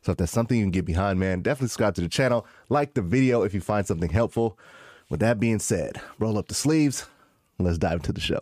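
A man's voice: on the low side, expressive, fast talker, darkish tone, no room sound. A man hosting a casual podcast, laid-back and rambling with lots of fillers. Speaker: podcast host.

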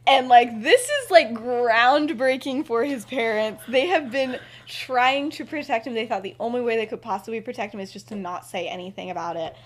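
Young woman host, slightly high voice, chatty storyteller who giggles and fills with "um". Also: moderate pace, hardly any pauses. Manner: chatty, giggly, lots of fillers. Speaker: podcast host. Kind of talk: casual storytelling.

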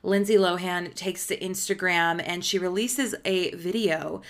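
A woman's voice: lowish voice, steady tone, unhurried. A woman from Illinois hosting a podcast, telling a story in a chatty, gossipy way full of filler words. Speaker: podcast host. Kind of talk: casual storytelling recap.

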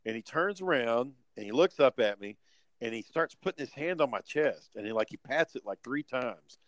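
A man's voice: medium pitch, moderate pace, dry recording, rough recording. A man telling a convention story in casual chat, swearing freely and acting out other people's lines. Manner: profane, animated storyteller who acts out other people's lines. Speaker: podcast co-host.

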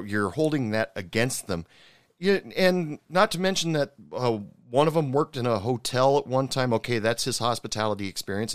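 A man speaking in a casual, frank rant, swearing freely and trailing through fillers and false starts. His middle-pitched voice is recorded close and dry, with no room sound. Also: clean tone, no echo. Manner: frank and profane, with many fillers and restarts. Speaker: viewer recapping a TV cooking show. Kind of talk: casual ranting commentary.

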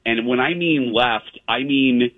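This show host speaks at medium pitch and a measured pace, with no echo, over a dry, tinny, phone-like line. He wanders through a long, casual story, stumbling over fillers and frequent restarts.

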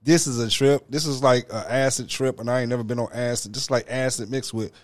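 A man's voice: mid-range voice, steady tone, no room sound. A man co-hosting a podcast in a studio, reacting with profane disbelief in casual banter. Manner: incredulous reacting, profane, drawn-out. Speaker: podcast co-host.

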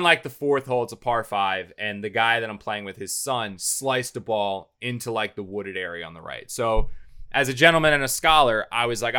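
A man's voice: fairly low pitch, sharp tone, clean tone. A man co-hosting a show, telling a long story in a casual, rambling way with lots of fillers and restarts.

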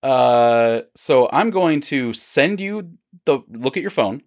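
A man's voice: medium pitch, lively intonation, takes it slowly, no echo, clean studio sound. A man co-hosting a podcast in casual chat, teasing his partner and laughing often. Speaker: podcast co-host.

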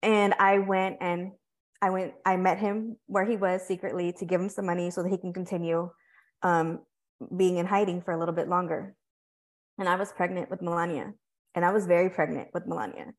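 A woman's voice: on the low side, level tone, brisk. A woman hosting a podcast, telling a personal story in a reflective, emotional way with many restarts. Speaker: podcast host. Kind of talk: candid conversational storytelling.

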